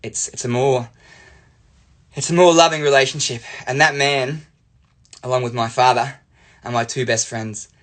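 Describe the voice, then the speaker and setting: A man's voice: medium pitch, moderate pace, pauses often. Playful Australian man telling a story. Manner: animated, playful. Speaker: life coach. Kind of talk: storytelling monologue.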